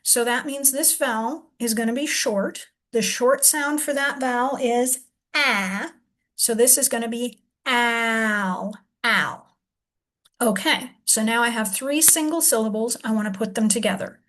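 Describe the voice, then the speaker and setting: A woman's voice: a little high, moderate pace, fairly bright tone. A woman reading teacher thinking aloud as she shows how to split a long word into syllables and sound out each one. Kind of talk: demonstration lesson.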